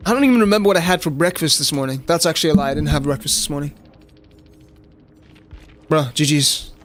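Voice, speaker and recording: A young South African man with a squeaky voice, chatting excitably to viewers and swearing casually during live gameplay commentary. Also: fast, slight background noise. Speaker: game streamer.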